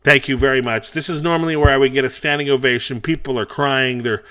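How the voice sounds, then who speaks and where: A middle-aged man talks through a rambling, self-deprecating stand-up set. His delivery is wry and casual, and his voice sits at an ordinary pitch for a man. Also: steady tone, fast talker, a bit bright, smooth. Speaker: stand-up comedian. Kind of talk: stand-up set for a virtual festival.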